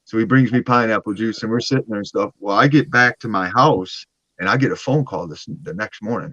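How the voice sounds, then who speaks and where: A man's voice: on the low side, fairly quick, sharp tone, no echo. A man telling a story in casual chat, acting out quotes and swearing freely. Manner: storytelling, acts out quotes, profane. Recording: dull lo-fi sound.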